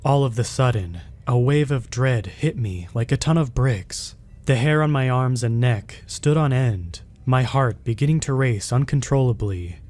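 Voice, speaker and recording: A man at an ordinary middle pitch tells a first-person horror tale from a script. His delivery is steady and measured, keeping an even storytelling pace.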